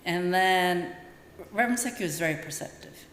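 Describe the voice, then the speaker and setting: A woman's voice: lowish voice, expressive, normal speed, fairly bright tone, a little hiss or hum. Older woman telling a story in a temple hall. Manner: storytelling, acts out voices in quotes. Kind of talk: dharma talk with personal stories. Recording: roomy hall echo, faint ambience.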